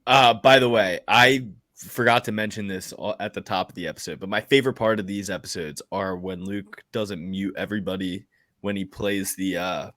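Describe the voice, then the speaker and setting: A man's voice: low-pitched, fairly even intonation, normal speed, fairly bright tone, no echo, clean studio sound. A man co-hosting a casual podcast, rambling with many fillers and giggling. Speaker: podcast co-host.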